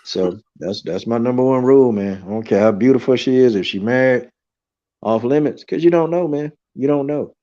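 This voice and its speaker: A man hosting a podcast, telling a story in a loose, animated way and filling it with "you know" and "man". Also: medium pitch, normal speed, highs cut off. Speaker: podcast host. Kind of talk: casual storytelling chat.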